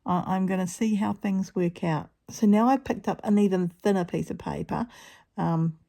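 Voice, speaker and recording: A woman's voice: medium pitch, normal speed, vocal fry, mellow. A middle-aged woman narrating her craft session in a chatty, self-deprecating way, full of ums and restarts. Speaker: crafting vlogger. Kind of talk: casual voice-over narration of a craft video.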